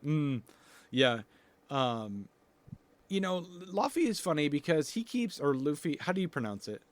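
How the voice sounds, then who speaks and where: A man's voice: on the high side, sing-song, a little slow, dry recording. A man co-hosting a comics podcast in casual chat, congested, enthusiastic and chatty. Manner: enthusiastic, chatty, laughs often. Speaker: podcast co-host.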